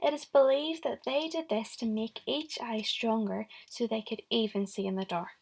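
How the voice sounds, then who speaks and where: A young woman teacher with a fairly high voice and a gravelly edge records a lesson for small children. She is encouraging and speaks straight to them, praising their answers as she goes. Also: steady tone, normal speed, darkish tone. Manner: encouraging, talks directly to the children. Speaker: primary school teacher.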